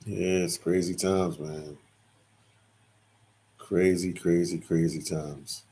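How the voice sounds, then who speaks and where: A man's voice: low voice, fairly even intonation, slow, mellow, slightly rough. A man hosting a casual livestream, reading viewers' comments aloud and answering them, often repeating his phrases.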